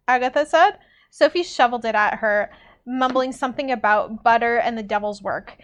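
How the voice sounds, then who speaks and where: Chatty young woman, high voice. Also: normal speed. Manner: chatty, laughs often, many fillers. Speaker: teacher and book reader. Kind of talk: casual chat and reading aloud.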